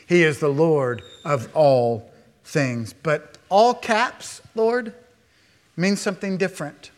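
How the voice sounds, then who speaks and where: Male pastor, fairly high voice, emphatic sermon delivery moving from hushed to raised. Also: slow.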